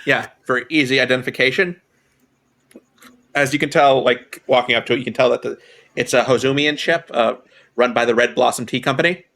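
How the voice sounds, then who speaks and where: A man's voice: mid-range voice, fairly quick, fairly bright tone. A man running a tabletop game as game master, describing scenes in a loose, chatty way. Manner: loose and chatty, many fillers.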